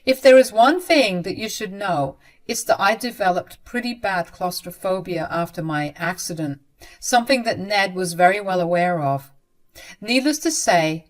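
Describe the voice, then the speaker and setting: A middle-aged woman telling a first-person dramatic story in a soft, earnest, emotional way. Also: medium pitch, normal speed. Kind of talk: scripted dramatic narration.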